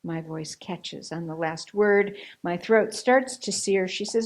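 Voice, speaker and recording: A woman's voice: mid-range voice, unhurried, few pauses, poor audio. A woman minister preaching a sermon in a church, telling a personal story in an earnest way and acting out the dialogue she quotes. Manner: hushed, whispered recitation of a poem. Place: church sanctuary.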